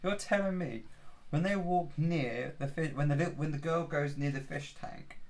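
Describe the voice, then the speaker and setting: A man co-hosting a casual podcast, excitable and swearing as he pushes his point. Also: a little high, normal speed. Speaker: podcast co-host.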